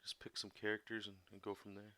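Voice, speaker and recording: A man, a comic artist, chatting casually and somewhat monotonously while he explains drawing steps, rambling with many fillers. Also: fairly low pitch, fast. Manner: monotone delivery. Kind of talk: casual drawing tutorial chat.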